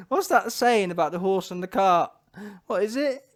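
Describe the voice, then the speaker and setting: A man, ranting casually to camera about boxing, slangy and animated, often laughing. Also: high voice, slow pace. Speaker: boxing commentator.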